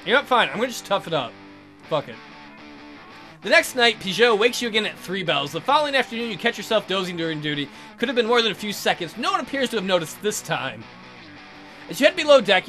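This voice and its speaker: A casual man narrating a let's play with a high, very animated voice, reading a text adventure aloud. He chats loosely, swears and stumbles over words, over faint guitar music. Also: fast.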